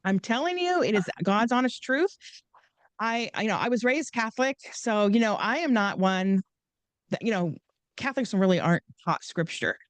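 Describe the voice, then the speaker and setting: A woman's voice: medium pitch, lively intonation, moderate pace, dry recording. A woman guest telling stories in a chatty, rambling way, laughing often and restarting her sentences. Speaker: podcast guest and author. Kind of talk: casual storytelling interview.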